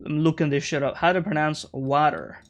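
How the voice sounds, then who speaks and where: A man's voice: a little high, steady tone, brisk, dry recording. A man casually commenting while playing a video game, reading the game's text aloud and swearing offhandedly.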